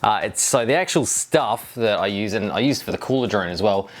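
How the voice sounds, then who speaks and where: A man's voice: on the low side, expressive, brisk. A middle-aged man making a casual DIY video, rambling and joking as he reads viewer comments. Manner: rambling and jokey, with wry asides.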